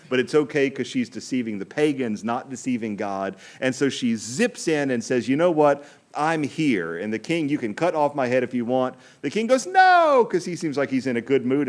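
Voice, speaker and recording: A middle-aged priest retelling a Bible story on a podcast with wry, animated delivery. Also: male voice, mid-range voice.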